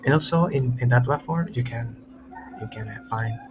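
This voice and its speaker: A man from America, a tutor teaching an online lesson in halting English with many restarts. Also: mid-range voice. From Latin America. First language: Spanish. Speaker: Spanish tutor. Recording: steady background noise.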